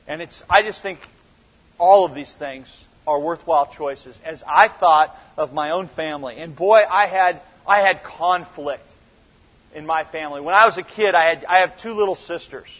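Pastor, man, 30s, high-pitched, emphatic and chatty delivery, dull lo-fi capture. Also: normal speed. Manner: emphatic, conversational preaching. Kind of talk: sermon. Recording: dull recording with long reverb in a large hall.

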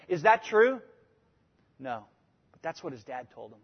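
A man preaching a sermon, emphatic and conversational, switching between loud points and quiet asides. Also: fairly high pitch, very animated, unhurried, slightly rough, big-room sound, muffled recording. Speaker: pastor.

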